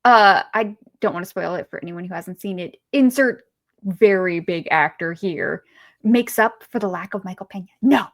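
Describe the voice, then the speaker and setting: A woman's voice: lowish voice, normal speed. A woman co-hosting a podcast, chatting casually about a movie, rambling with fillers and restarts. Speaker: podcast co-host.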